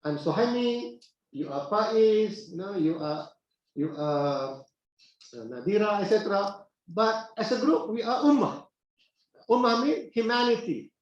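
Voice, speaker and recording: Guy lecturing a class, highish voice, lots of uh and repeats, super echoey muffled room. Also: sing-song. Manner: unhurried, repetitive phrasing with frequent "uh" pauses and questions to the class. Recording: very echoey, dull classroom recording.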